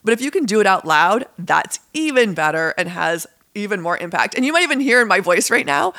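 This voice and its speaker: A woman's voice: medium pitch, very animated, fairly quick, pushed and bright, no echo, studio quality. A woman hosting her own podcast, chatting in an upbeat, encouraging way and leading listeners through positive affirmations. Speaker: podcast host. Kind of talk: casual solo podcast talk.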